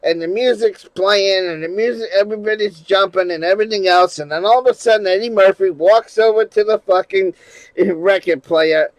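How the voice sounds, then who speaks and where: A man live streaming in casual chat, rambling and swearing, going from mumbles to loud rants. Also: sits high, normal speed, dry recording, poor audio. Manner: rambling, profane, shifts from mumbling to loud ranting.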